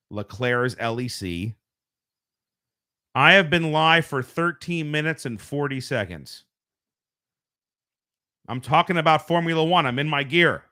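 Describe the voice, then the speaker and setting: A man's voice: mid-range voice, sharp tone. A man from the United States hosting a casual live stream from home, rambling and correcting himself as he talks. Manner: rambling, self-correcting, conversational. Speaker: show host. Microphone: home streaming microphone.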